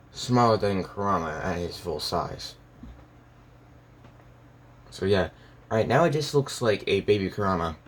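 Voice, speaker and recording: A man telling a made-up fan story in a casual, rambling way, with constant fillers and restarts. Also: fairly low pitch.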